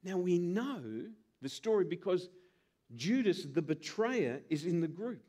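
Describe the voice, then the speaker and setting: A man's voice: high-pitched, measured pace. A male pastor preaching a sermon, acting out little scenes with voices. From Australia. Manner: animated, acts out scenes with put-on voices.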